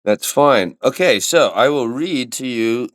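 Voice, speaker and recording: A man's voice: mid-range voice, expressive, a little slow. A man co-hosting a podcast, joking and rambling through casual chat. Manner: joking, rambling, goofing around. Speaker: podcast co-host.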